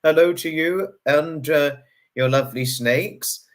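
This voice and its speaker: A man hosting a livestream, effusively greeting viewers and repeating his hellos over and over. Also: a little slow. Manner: pitch swings up and down sharply. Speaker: livestream host.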